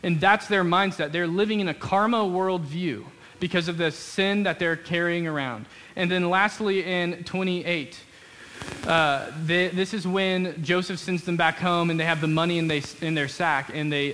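Bright-voiced man preaching, drawl. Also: high voice, steady tone, slight background noise. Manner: conversational preaching, quick asides and acted-out quotes. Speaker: pastor. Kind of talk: sermon. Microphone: switches to a handheld mic partway.

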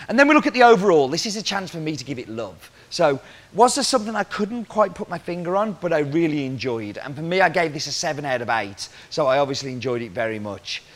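A man's voice: fairly high pitch, big pitch swings, fast talker, fairly bright tone. A man working as a coffee roaster, explaining cupping scores and roasting, talking through questions aloud as he goes.

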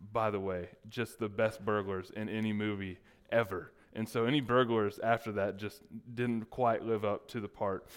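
Joking male pastor, smooth voice. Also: on the low side, steady tone, normal speed, few pauses. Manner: joking, teasing the congregation and tech team. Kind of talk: sermon with playful asides.

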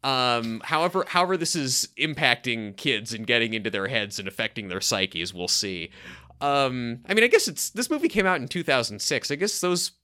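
A man's voice: mid-range voice, lively intonation, moderate pace, sharp tone. A man co-hosting a podcast, chatting casually in a rambling, self-correcting way and laughing often. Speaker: podcast co-host. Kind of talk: casual chat.

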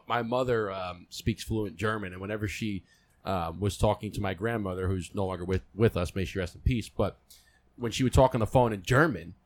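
A man's voice: fairly low pitch, fairly quick. A man with a Long Island accent, a podcast guest chatting casually and mimicking the way other people talk. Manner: expressive, mimics voices and accents.

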